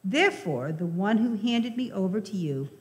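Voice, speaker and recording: A woman reading the lines of a calm, solemn man on trial in a measured, plain scripture reading. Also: mid-range voice, natural voice. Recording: reverberant church hall.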